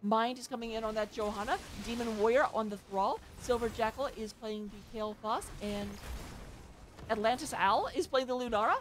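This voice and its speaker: A woman casting an amateur esports match with play-by-play commentary, chatty and excitable, with joking asides. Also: fairly high pitch, normal speed, a little hiss or hum. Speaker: esports caster.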